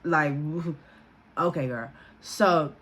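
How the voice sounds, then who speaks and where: Profane storytelling woman, animated. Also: very slow. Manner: animated, profane, quotes people with raised pitch. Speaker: vlogger telling a story. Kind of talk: casual storytime.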